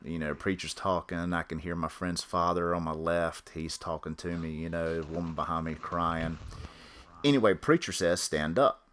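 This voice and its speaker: A man with a very low voice tells a personal story on a podcast. He rambles along in a matter-of-fact way and keeps circling back with fillers and restarts. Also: normal speed, a bit bright. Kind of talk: casual spoken storytelling.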